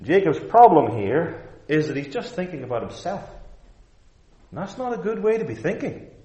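Male preacher, emphatic sermon, rhetorical questions, fairly high voice, echoey church. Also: big pitch swings, normal speed, warm tone. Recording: echoey room.

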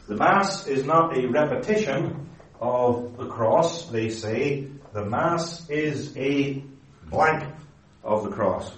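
A man preaching a theological lecture-sermon, emphatic and deliberate, stretching key words and correcting himself as he explains. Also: mid-range voice, expressive, a little hiss or hum. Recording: roomy echoey hall.

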